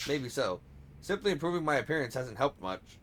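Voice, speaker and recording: A man's voice: medium pitch, sing-song, fairly quick, background noise, close to an everyday voice. A man reading as a vain young woman in debt. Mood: defensive. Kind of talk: reading game subtitles aloud.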